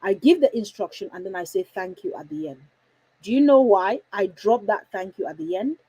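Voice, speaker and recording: A woman coaching parents, talking emphatically and deliberately changing her tone and pace to stress key points. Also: medium pitch, lively intonation, dark tone, husky, dry recording, muffled recording. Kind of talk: instructional talk to parents.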